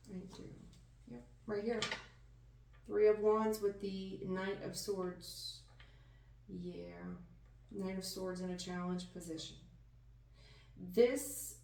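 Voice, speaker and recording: A woman giving a casual tarot reading in an emphatic, folksy manner, calling the listener hon and baby. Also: mid-range voice. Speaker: tarot reader. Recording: roomy sound, distant mic.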